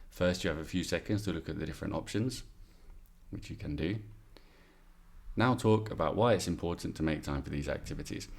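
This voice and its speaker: A man's voice: sits low, a little fast, vocal fry, long pauses. A man teaching English in a chatty exam-prep video lesson, explaining with asides and demonstrations.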